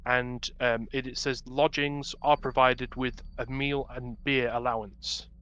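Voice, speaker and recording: Bright-voiced male game master. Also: mid-range voice, level tone, unhurried, clean tone, highs cut off. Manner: descriptive with frequent ums and restarts. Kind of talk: narrating a tabletop game.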